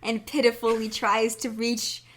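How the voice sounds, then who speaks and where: A woman co-hosting a podcast, chatting casually and giggling often. Her voice sits a little high. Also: completely flat delivery. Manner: giggly, chatty, quick asides. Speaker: podcast co-host. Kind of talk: casual chat.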